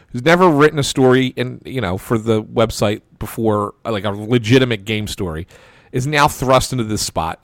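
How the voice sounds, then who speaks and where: A sports podcast host with a mid-range male voice tells a long anecdote, chatting casually with many restarts and bits of quoted dialogue. The studio recording is clean, with no room sound.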